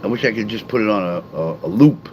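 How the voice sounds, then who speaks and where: A man's voice: on the low side, fast talker, background noise. Rambling middle-aged man chatting with live viewers. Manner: rambling, talks straight to chat viewers; reads and answers live comments aloud. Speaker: livestreamer. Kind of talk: casual livestream chat.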